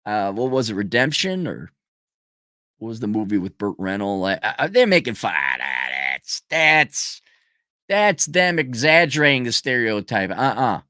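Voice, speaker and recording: A man's voice: lowish voice, very animated, normal speed, sharp tone, no room sound, clean studio sound. A man giving a casual, blunt, profane rant in a sarcastic tone. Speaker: commentator. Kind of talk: casual ranting monologue.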